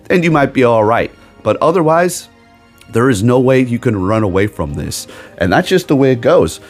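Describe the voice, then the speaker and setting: A man on a gaming video channel, rambling emphatically in a casual rant with sarcastic asides. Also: on the low side. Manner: rambling, emphatic, keeps tagging "okay?". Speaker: gaming YouTuber.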